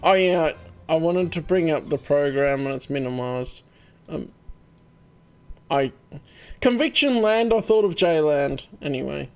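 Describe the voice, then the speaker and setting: A man's voice: fairly high pitch, lively intonation, a little slow, vocal fry, pauses often, darkish tone, clear, resonant tone, soft background music. A man hosting a game playthrough, chatting casually and rambling as he trails off and restarts. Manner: rambling, self-interrupting. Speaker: let's play host.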